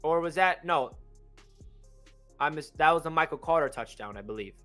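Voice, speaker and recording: A young man hosts a fan channel game recap, talking fast and excitedly, often circling back to correct details. His voice sits high and sounds bright and forceful. Faint music plays underneath. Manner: energetic, rambling, self-correcting. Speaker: sports fan channel host.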